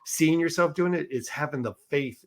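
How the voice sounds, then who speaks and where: A man appearing as a podcast guest, telling his story in a relaxed, conversational way and acting out what others said. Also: a little high, moderate pace. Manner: relaxed, conversational, acts out quoted dialogue. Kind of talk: casual storytelling.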